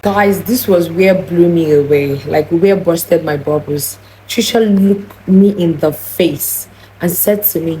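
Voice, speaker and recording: A woman's voice: lowish voice, slow, dark tone, slight background noise, low-quality recording. A young woman tells a personal story in an earnest, heated vlog style, often restarting her sentences. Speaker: vlogger.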